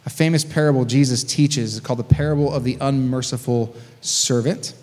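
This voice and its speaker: A man's voice: medium pitch, steady tone, fairly quick, a little mellow. A man preaching a sermon as a pastor, reading scripture and breaking in with casual, conversational asides. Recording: long hall reverb.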